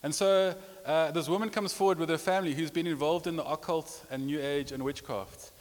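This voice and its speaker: A man's voice: fairly high pitch, steady tone, fairly quick. A man preaching a sermon, telling a personal story with repetitions and rising emotion. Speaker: pastor. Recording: long reverb of a large hall.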